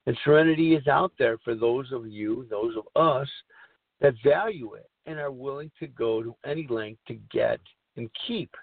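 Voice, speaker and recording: A middle-aged man with a medium-pitched, gravelly voice hosts a recovery talk show, speaking earnestly, rambling, and repeating himself. There's no room sound, though the line is tinny and phone-like.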